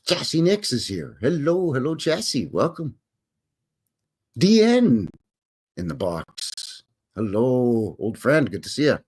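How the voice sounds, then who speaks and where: A man's voice: mid-range voice, huge pitch swings, takes it slowly, a little mellow, slightly rough. Man, live stream host; casual, rambling, wry and skeptical, reads aloud between asides. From Canada. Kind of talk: live stream commentary, reading articles aloud.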